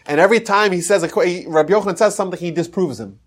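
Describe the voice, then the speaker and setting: A man's voice: sits high, very fast, slightly rough. A man hosting a podcast, retelling an old story in a casual lecture and slipping into the characters' quoted lines. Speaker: podcast host teaching history.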